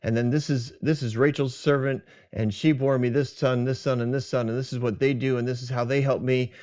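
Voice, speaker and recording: A man's voice: mid-range voice, steady tone, a little fast, a little mellow, highs cut off. A man hosting a podcast, casually retelling a scripture story in a conversational, self-deprecating way. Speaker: podcast host.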